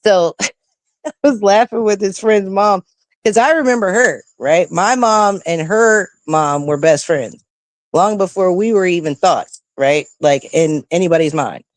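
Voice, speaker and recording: Profane, animated middle-aged woman storyteller. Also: on the low side, a little slow, no room sound. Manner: profane, animated, keeps asking "right?". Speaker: streamer. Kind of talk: casual storytelling to viewers. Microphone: close streaming mic.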